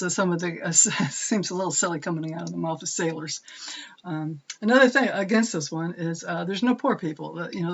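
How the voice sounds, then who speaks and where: A woman talking casually as she reviews a book and its film versions, pausing often with fillers and restarting her sentences. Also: on the low side, vocal fry. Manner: hesitant, many "uh" fillers and restarts. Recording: dull lo-fi sound.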